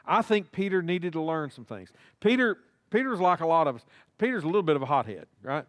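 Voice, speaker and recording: A man's voice: on the high side, sing-song, fairly quick, dry recording. A male pastor preaching a sermon in a church, talking to the congregation and acting out little dialogues. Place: church sanctuary.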